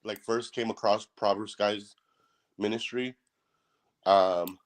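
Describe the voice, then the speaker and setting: A man in a casual online chat, speaking haltingly with many fillers and restarts. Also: on the low side, fairly even intonation.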